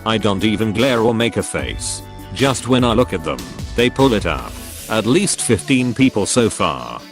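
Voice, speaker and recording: A man's synthetic voice reading forum posts aloud in a flat tone, misreading symbols and abbreviations. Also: lowish voice, normal speed, soft background music. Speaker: narrator reading online posts.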